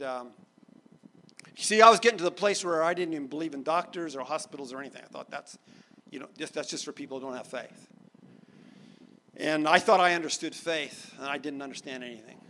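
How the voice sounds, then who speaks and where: Bright-voiced man telling a testimony. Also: on the high side, fairly quick, a little hiss or hum. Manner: animated storyteller, laughs, drops soft for serious moments. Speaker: preacher telling his testimony. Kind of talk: sermon storytelling.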